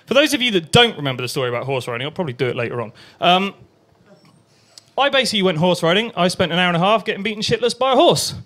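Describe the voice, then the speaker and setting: A man's voice: high voice, lively intonation, very fast, a bit bright. A young man performing a crude stand-up set at an open mic night, acting out voices and sounds. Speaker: stand-up comedian.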